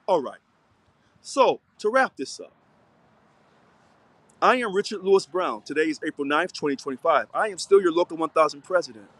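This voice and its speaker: A man's voice: on the high side, lively intonation, normal speed, pauses often, fairly bright tone, no echo. A man who is a union local president, giving a preachy, fiery, repetitive unscripted video monologue.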